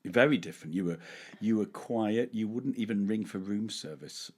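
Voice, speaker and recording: A man's voice: lowish voice, moderate pace, gravelly. A middle-aged man, chatting casually as a podcast co-host and telling anecdotes. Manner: chatty storyteller who acts out fans in put-on voices. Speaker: podcast co-host, tribute singer. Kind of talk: casual chat.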